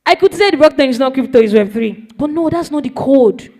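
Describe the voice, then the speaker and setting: A woman's voice: high-pitched, animated, brisk, darkish tone. A woman explaining a topic to a young audience in a playful way, often asking them questions. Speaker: speaker teaching young people. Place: event hall.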